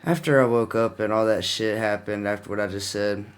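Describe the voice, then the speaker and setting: Young man, slightly low voice, casual vlog storytime, slangy, rambling, fillers. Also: steady tone, a little fast, clean tone. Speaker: vlogger.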